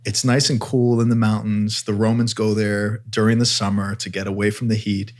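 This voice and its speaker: Animated man telling a story. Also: lowish voice, moderate pace. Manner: animated storyteller, acts out voices. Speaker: podcast co-host. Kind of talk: casual storytelling chat.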